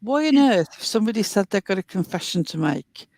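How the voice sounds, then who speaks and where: A woman hosting a commentary show, walking through a clip in an earnest, deliberate way. Her voice sits in a middle register and sounds dry and close. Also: medium pitch, animated, a little mellow, no echo. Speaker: commentary host.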